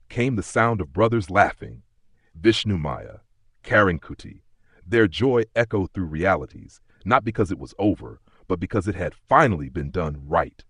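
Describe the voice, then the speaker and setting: A man narrates an audiobook in a measured, solemn voice, pausing often. His tone is low and husky, recorded dry and close. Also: no room sound. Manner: measured, solemn, many pauses. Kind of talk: scripted narration.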